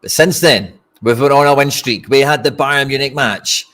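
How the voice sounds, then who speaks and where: Sharp in tone, with a mid-range voice and moderate pace, a Scottish man reacts to a football match for his stream. He's a fan hosting a watch-along, frustrated and casual, talking bluntly right to his viewers.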